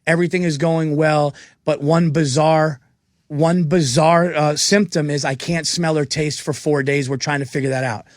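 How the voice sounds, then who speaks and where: Excitable male comedian telling a story. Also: fairly high pitch, brisk, dry recording, clean studio sound. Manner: excitable, laughing through his story. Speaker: comedian guest. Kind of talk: animated storytelling on a radio show. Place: radio studio. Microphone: studio microphone.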